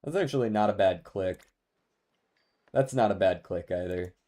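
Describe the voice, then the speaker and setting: A man's voice: deep voice, normal speed, mellow. A man streaming a game, chatting casually with his viewers, laughing often and musing aloud. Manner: laid-back, laughs often, talks to chat. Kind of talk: casual live-stream chat while gaming.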